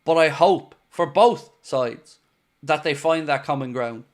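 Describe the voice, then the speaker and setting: A young Irish man hosting a live football fan stream, chatting casually and reading comments with animated, playfully defiant energy. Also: fairly high pitch, measured pace. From Ireland. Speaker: fan channel host reading live chat.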